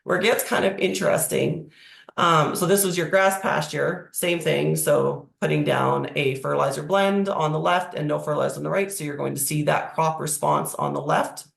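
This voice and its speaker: A presenter with a croaky, hoarse voice from a cold, explaining slides in a webinar over a video call. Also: medium pitch, steady tone, normal speed, a bit bright. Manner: explanatory, walking through slides. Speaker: agricultural presenter. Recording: echoey room.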